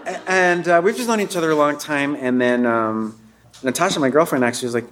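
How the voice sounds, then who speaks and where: A man's voice: mid-range voice, animated, fairly quick. A man chatting casually on a talk show as a comedian guest, rambling and cutting himself off, breaking into laughter. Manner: rambling, self-interrupting, with bursts of put-on voices and laughter.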